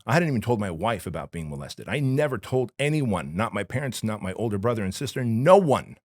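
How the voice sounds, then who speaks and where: Very deep-voiced man, blunt and emphatic. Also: sing-song, fairly quick, a little mellow, no echo, studio quality. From Armenia. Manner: emphatic, blunt and slangy, addressing the host as dude and bro. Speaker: podcast guest. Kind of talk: candid personal storytelling in a podcast interview.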